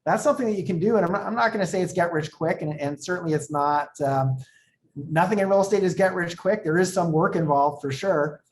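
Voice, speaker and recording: A man with a somewhat high voice speaks as a real estate coach on an interview show. He explains things conversationally and acts out bits of dialogue as he tells stories. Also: a little fast, slight background noise.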